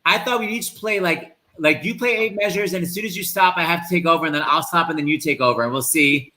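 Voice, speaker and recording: Fast, bright-voiced man hosting a live stream. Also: fairly high pitch. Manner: quick, animated storytelling. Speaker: host. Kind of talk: casual chat on a live stream.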